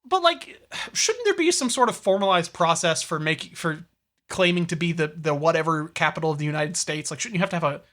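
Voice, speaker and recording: Male podcast co-host, bright fast voice, rambling comic grump. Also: a little high, lively intonation. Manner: rambling, full of "like" and restarts, mock-grumpy rants. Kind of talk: casual comedic chat.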